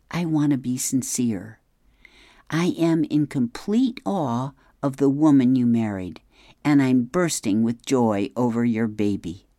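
A man's voice: medium pitch, mellow, no echo, clean studio sound. A man voicing an earnest, teasing young woman from a comic strip, speaking emphatically.

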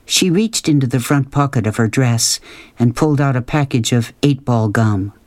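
An audiobook narrator reading a novel chapter in a calm, measured way. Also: medium pitch, no echo. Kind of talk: scripted narration.

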